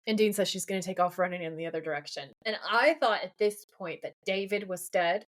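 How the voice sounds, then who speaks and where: A woman co-hosting a podcast, casually recapping an episode in a chatty, animated way with frequent laughter. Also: on the low side, brisk. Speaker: podcast co-host.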